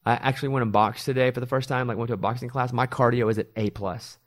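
A middle-aged man, a radio host, chatting casually and telling animated stories with quoted voices. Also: mid-range voice, fast talker. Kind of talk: casual chat.

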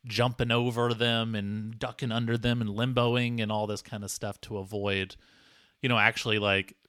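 A man's voice: fairly low pitch, level tone, moderate pace, fairly bright tone, clear, resonant tone, dry recording, clean studio sound. A man co-hosting an improvised comedy podcast, teasing his partner in a mock-exasperated way, with plenty of fillers. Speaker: podcast co-host.

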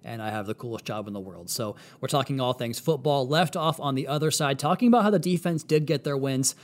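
A man hosting a solo sports podcast, excited and talking quickly as he breaks down a practice. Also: medium pitch. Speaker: podcast host.

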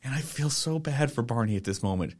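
A man's voice: mid-range voice, lively intonation, fairly quick. A man co-hosting a casual podcast, wryly retelling scenes from a TV episode. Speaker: podcast co-host. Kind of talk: casual chat recapping a TV episode.

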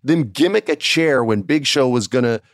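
A man's voice: medium pitch, moderate pace, no echo, studio quality. A man from New Mexico telling a backstage story in casual chat, acting out the other people's voices. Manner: animated, acts out voices of others. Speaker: storyteller guest.

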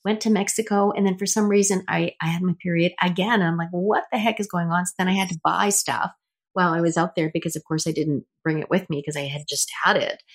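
Chatty middle-aged woman, low voice. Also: fairly even intonation, fast. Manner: chatty storytelling, many restarts. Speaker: host. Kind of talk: casual interview chat.

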